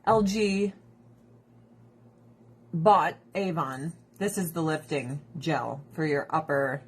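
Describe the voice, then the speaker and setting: A woman's voice: low voice, takes it slowly, slightly rough. A woman selling skincare products who chats casually while trying them on, rambling, laughing and swearing freely with strong opinions. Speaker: direct seller of skincare products.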